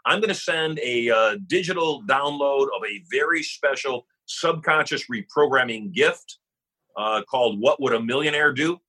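Forceful husky man, motivational guest. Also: medium pitch, normal speed. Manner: emphatic, punchy repetition. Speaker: podcast guest. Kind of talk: motivational storytelling.

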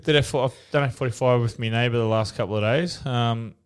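A man's voice: mid-range voice, fast, clean tone. An Australian man in casual radio chat, laid-back and joking.

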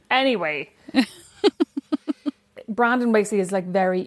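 A woman's voice: mid-range voice, fast talker, darkish tone. A middle-aged woman co-hosting a casual chat, chatty and playfully indignant. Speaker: podcast co-host.

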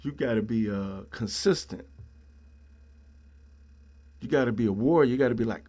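A man's voice: medium pitch, moderate pace, pauses often, dark tone. A middle-aged man hosting a solo podcast, ranting in a blunt, preachy way and leaning on "man" and "yo". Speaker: podcast host.

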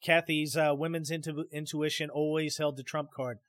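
A man's voice: fairly high pitch, flat delivery, normal speed, fairly bright tone. Rambling man telling a story. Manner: rambling, many restarts and fillers; addresses listeners directly. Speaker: podcast host. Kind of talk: casual storytelling.

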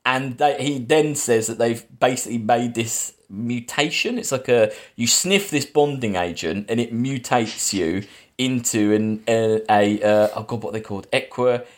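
A man hosting a podcast, casually retelling a film's plot with lots of fillers and quick acted quotes. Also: mid-range voice. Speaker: podcast host. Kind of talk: casual film discussion.

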